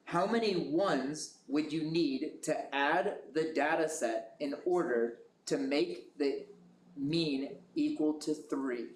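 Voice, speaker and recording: A man moderating a school quiz bowl, reading questions slowly and carefully. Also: on the high side. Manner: slow, measured question reading. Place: school classroom. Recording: echoey room with noise.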